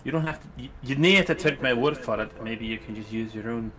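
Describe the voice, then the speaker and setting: A man playing a polite, hesitant male adventurer who speaks in a halting, tactful, stammering way. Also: mid-range voice, a crowd in the background, natural voice. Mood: coaxing. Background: background music.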